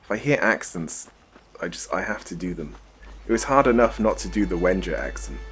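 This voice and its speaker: A man's voice: low-pitched, animated, brisk, fairly bright tone, soft background music. A male streamer giving casual let's-play commentary, full of joking, self-deprecating asides.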